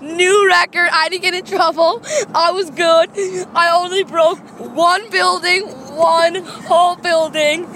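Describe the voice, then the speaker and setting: A woman's voice: extremely high pitch, steady tone, unhurried, hardly any pauses, slight background noise, full character voice. A woman doing a bragging dim-witted clown. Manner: bragging, loud.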